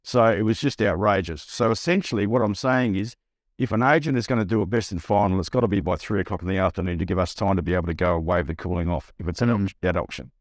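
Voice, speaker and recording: A middle-aged Australian buyer's agent tells a lively story in a podcast interview, animatedly acting out the voices he quotes and restarting often. He has a deep voice and talks fast. The recording is dry and studio quality.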